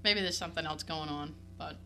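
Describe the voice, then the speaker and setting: A woman's voice: low voice, fairly quick, sharp tone, faint music behind. A woman co-hosting a casual chat, candid and profane, laughing often.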